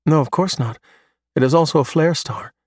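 A man's voice: fairly high pitch, normal speed, a little mellow, no echo, clean studio sound, voice pushed up, close to an everyday voice. A man doing an eager young know-it-all pupil. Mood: earnest. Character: bright young male pupil reciting astronomy facts.

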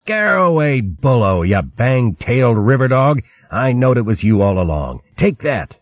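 A man's voice: fairly low pitch, big pitch swings, unhurried, breathy edge, no room sound, narrow, tinny audio, heavily acted. A man voicing a cheeky, boastful male mouse thief who jokes brashly and hurls comic insults. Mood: cocky. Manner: brash, jokey, name-calling.

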